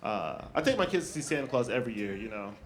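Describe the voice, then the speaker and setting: A young man performing a stand-up comedy set, telling stories with lively shifts and jumping high for quoted lines. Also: quick pace, a little hiss or hum. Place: comedy club stage with laughing audience. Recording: echoey club room, loud crowd laughter.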